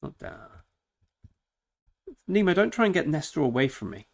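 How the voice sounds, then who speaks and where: A man's voice: a little high, big pitch swings, fast. A man chatting casually and joking while streaming a strategy game. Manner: chatty, joking, talks to chat. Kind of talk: casual live-stream chat.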